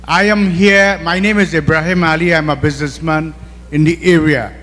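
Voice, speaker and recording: A man, a local businessman giving a measured, formal address at a meeting. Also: a little high, steady tone, fairly bright tone. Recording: reverberant hall.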